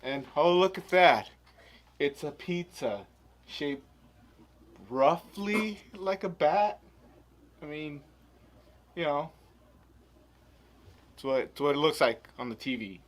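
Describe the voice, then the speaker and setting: A man's voice: on the high side, lively intonation, slow pace, pauses often. A man giving a casual, rambling food review while he eats. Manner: rambling, chatty while eating.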